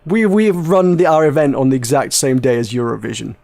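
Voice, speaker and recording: The host of a laid-back video game podcast rambles on, laughing and swearing as he talks. His medium-pitched voice is mellow and creaky, and his pace is a little fast.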